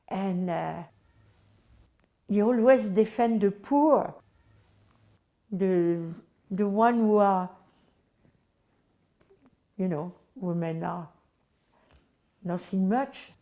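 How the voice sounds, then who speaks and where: Slow-talking older woman reminiscing. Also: medium pitch, gravelly, dark tone. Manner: halting non-native English, acts out the scene vividly. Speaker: interviewee recalling memories. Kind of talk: personal recollection.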